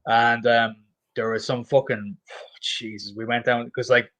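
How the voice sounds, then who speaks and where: A man's voice: mid-range voice, level tone, unhurried, a bit bright. A man from Ireland with an Irish accent, telling a rambling story in casual chat and swearing freely.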